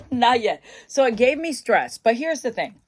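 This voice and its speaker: A woman's voice: fairly high pitch, big pitch swings, measured pace, slightly rough. A middle-aged woman vlogging casually into her phone about mental wellness, bubbly and chatty. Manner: bubbly, chatty, bursts into laughs and shrieks. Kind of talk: casual chat to camera. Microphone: phone camera.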